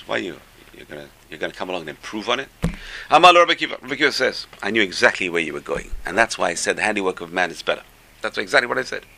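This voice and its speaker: A man with a creaky voice teaches a Torah lesson like an animated storyteller. His voice climbs high when he quotes the rabbis and sinks low for his asides.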